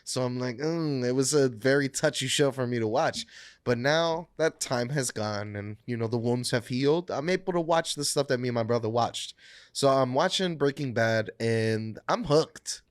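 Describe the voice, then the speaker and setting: A man's voice: mid-range voice, normal speed, clean tone, no room sound, studio quality. A man co-hosting a podcast, talking about his week in a loose, joking, profane way. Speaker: podcast co-host. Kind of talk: casual chat.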